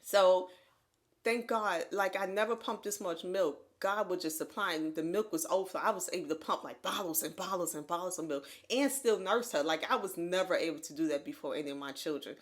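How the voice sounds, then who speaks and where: A woman co-hosting a podcast, telling a personal story in casual chat, animated and laughing often as she acts out what others said. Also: lowish voice, a little fast. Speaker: podcast co-host. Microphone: USB condenser mic.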